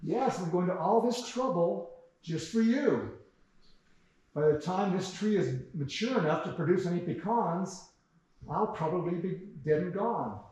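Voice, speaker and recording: A man's voice: high voice, animated, a little slow, a little mellow. A man reading as a hapless old grandpa. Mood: apologetic. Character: hapless old grandpa, well-meaning husband. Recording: very echoey room heard from far off.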